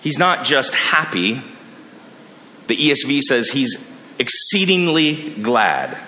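A man preaching a sermon, animated, acting out the characters he quotes. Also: medium pitch, unhurried, slight background noise. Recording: long reverb of a large hall.

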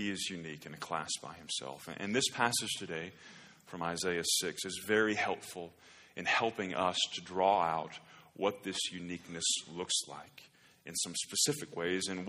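A man's voice: low voice, sharp tone, big-room sound. A man preaching a sermon, often repeating the first word of a phrase and rising to strong emphasis. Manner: repeats words at phrase starts, builds to emphatic rises. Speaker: pastor.

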